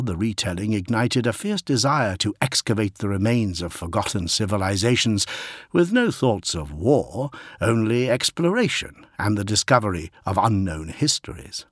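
A man reading a novel aloud as an audiobook narrator, in steady, measured scripted narration. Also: lowish voice, no room sound, clean studio sound.

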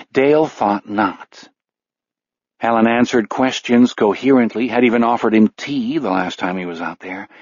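Low-voiced male audiobook narrator. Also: dry recording. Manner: measured, dark storytelling. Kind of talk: scripted narration. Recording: dull, dry studio audio.

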